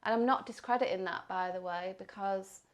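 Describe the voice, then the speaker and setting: A woman's voice: medium pitch, normal speed. A middle-aged woman, a podcast guest talking casually and enthusiastically, often asking rhetorical questions. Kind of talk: casual conversation.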